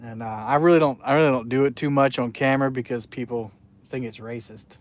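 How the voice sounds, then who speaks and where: A man from South Carolina talks casually on a live stream while fishing outdoors. His delivery rambles, with restarts, as he chats with the viewers in between casts. His voice sits at an ordinary middle pitch. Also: steady tone, fairly quick.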